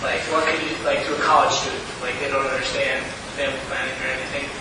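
A man's voice: medium pitch, flat delivery, quick pace. A man in the audience hesitantly asking a question, with many fillers. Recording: echoey hall, far off, hiss.

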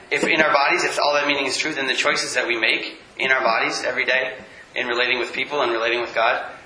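A man's voice: medium pitch, bright, forceful tone. Earnest man speaking in an echoey hall. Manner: earnest, restarts mid-thought. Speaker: speaker at a church talk. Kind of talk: earnest reflective talk. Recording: echoey room.

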